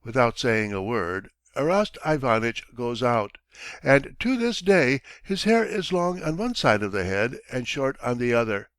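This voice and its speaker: A man narrating a classic short story in a measured audiobook reading. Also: medium pitch, sing-song, fairly bright tone, no echo. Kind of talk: scripted narration.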